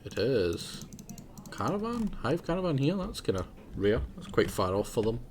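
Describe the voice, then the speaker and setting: A man's voice: mid-range voice, sing-song, moderate pace, darkish tone, a little hiss or hum. A young man rambling casually through live gameplay commentary, chatting to himself and laughing often. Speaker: game streamer.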